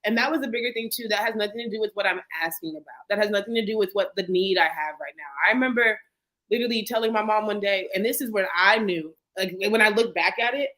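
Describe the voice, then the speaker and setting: A young woman, a podcast guest, talking fast and animatedly in casual conversation, often asking "you know what I'm saying.". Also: medium pitch, a bit bright, low-quality recording. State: getting emotional.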